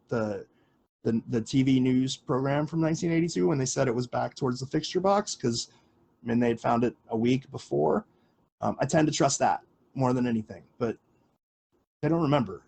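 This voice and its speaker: A man's voice: mid-range voice, gravelly, darkish tone, breathy edge. A man hosting a casual livestream Q&A, rambling with lots of fillers and offhand swearing. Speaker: livestream host answering questions.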